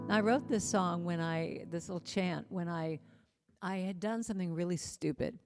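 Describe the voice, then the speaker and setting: An American woman speaks gently and earnestly in a spiritual talk, lingering on key phrases. Her voice sits slightly low. Long reverb from a large hall trails after her words. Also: a little fast, music in the background. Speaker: musician and inspirational speaker. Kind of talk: spiritual talk with sung chant.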